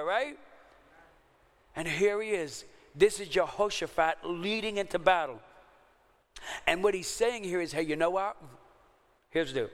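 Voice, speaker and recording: High-voiced preaching man in a reverberant hall. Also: unhurried, long pauses. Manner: emphatic preaching, swings between low hushed lines and raised urgent ones. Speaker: pastor. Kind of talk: sermon.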